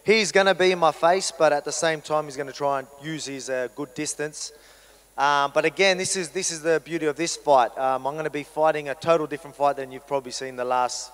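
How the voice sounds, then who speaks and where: Laid-back Australian fighter, smooth voice. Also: male voice, a little high, fairly bright tone, in a large hall. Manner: laid-back, joking, self-deprecating. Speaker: fighter at a press Q&A. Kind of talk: casual press conference answers.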